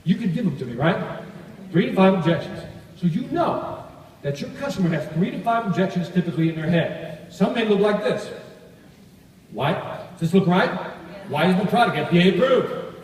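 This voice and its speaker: Man, sales trainer, energetic, quizzes the crowd, animated voice, long hall reverb. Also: high voice, normal speed, pauses often, a little hiss or hum. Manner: energetic, asks audience questions. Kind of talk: live seminar talk. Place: large hall. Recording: echoey hall recording from far off.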